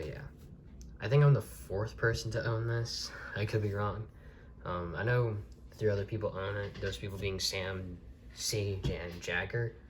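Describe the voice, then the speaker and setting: A man's voice: sits low, a little hiss or hum. A man reviewing a collectible video tape from the desk in his bedroom, talking casually and rambling with many restarts.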